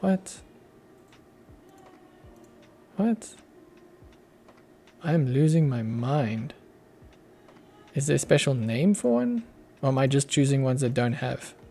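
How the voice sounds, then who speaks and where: Aussie guy talking to himself while coding, kinda dark mellow voice, bit of fry. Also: mid-range voice, animated, a little slow. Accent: Australian. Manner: muttering to himself while working, chuckling. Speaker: streamer, app developer. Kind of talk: casual live coding stream.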